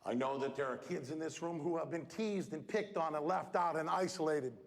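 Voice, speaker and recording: A man giving a motivational talk to students at a school assembly, animated and breaking into shouts. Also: a little high, fairly quick, gravelly. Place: large school hall. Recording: reverberant hall with audience.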